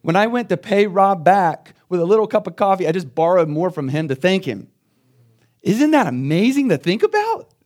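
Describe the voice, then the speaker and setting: A man preaching a sermon as pastor, telling stories in a conversational way and swinging between quiet asides and loud, emphatic bursts. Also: high voice, very animated, moderate pace.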